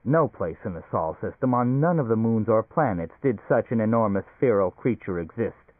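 A man's voice: lowish voice, expressive, normal speed, no echo. A man voicing an impatient, anxious stranded businessman in an audiobook, raised and urgent, over a tinny, phone-like recording. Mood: panicked. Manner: gruff, irritable, urgent.

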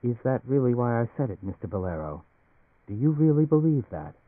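A man voicing a quiet, shrewd young female consultant who speaks softly and levelly. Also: mid-range voice, big pitch swings, a little fast, dry recording. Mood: probing. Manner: soft, probing, level. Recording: phone-like narrow band, dry.

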